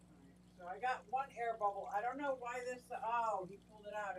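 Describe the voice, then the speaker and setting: A woman's voice: on the high side, a little fast, few pauses, a little hiss or hum. A middle-aged woman hosting a casual live stream from her fish room at home, chatting away and greeting viewers by name. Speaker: aquarium hobbyist live-stream host.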